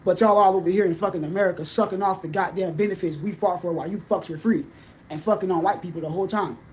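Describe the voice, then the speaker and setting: An angry speaker rants in a played clip, hurling insults and curses. The voice sits at a middle pitch. A faint noise runs behind it. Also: fast talker, darkish tone. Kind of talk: casual rant.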